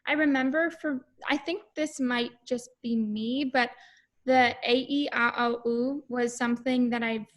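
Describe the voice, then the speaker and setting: A woman's voice: a little high, fairly even intonation, unhurried. A young woman talking casually about how her voice has grown, as a voice student. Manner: reflective, lots of "like" fillers. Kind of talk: casual chat.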